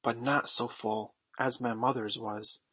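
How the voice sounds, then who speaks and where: A man voicing a boastful, eager boy who never grows up, speaking with hushed urgency. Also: medium pitch, flat delivery, a little slow, slightly rough, dry recording.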